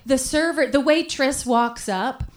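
A woman's voice: high-pitched, measured pace. A woman playing a naive, self-righteous churchgoing lady, telling a story in a sweet, earnest way on a live comedy stage. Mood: chatty. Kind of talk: live comedy podcast character monologue.

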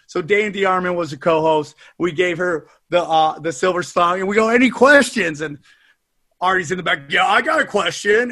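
A man with a high, bright voice hosts a podcast in loose, profane chat. He tells stories loudly and with a lot of animation. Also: normal speed. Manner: loud, profane, animated storytelling. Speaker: podcast host. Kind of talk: casual podcast chat and host-read ad.

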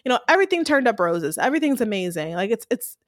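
A woman casually recapping a TV episode, telling it like a lively story and laughing often. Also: on the high side, fast talker, no echo, studio quality. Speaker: podcast co-host.

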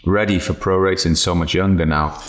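A man's voice: deep voice, fairly even intonation, fairly quick, echoey room. A man hosting a podcast, chatting casually, joking, swearing freely and telling anecdotes. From Wales. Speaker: podcast host.

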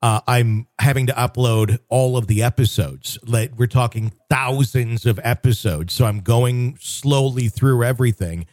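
A man's voice: medium pitch, unhurried, hardly any pauses, darkish tone, dry recording, studio quality. A man co-hosting a podcast in casual conversation, rambling with frequent restarts and fillers. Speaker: podcast co-host.

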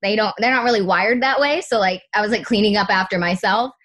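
Young woman, podcast guest, candid casual talk, lots of fillers, mid pitch. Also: fast talker, fairly bright tone. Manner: candid, frequent "like" fillers, swears.

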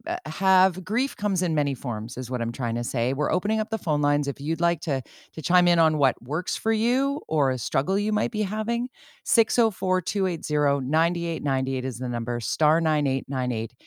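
A woman with a low voice hosts a radio talk show. She talks candidly and chattily, quick to laugh, close on a dry studio mic. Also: expressive, dry recording. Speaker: radio host.

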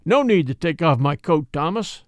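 A quiet, steely man who never raises his voice, as a male reader plays him. Measured and firm, with a dry, close sound. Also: fairly high pitch, expressive, dry recording, lightly acted. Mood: calm. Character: calm, steely man, quiet but hard.

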